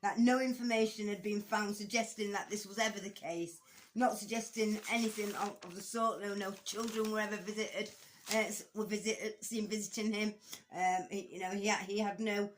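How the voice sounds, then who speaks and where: A woman talks through a court case in an unscripted, conversational commentary. She is blunt and swears casually, and her speech is full of hesitations and restarts. Her pitch sits in the middle. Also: steady tone, fairly quick, a little hiss or hum. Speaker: true-crime commentator.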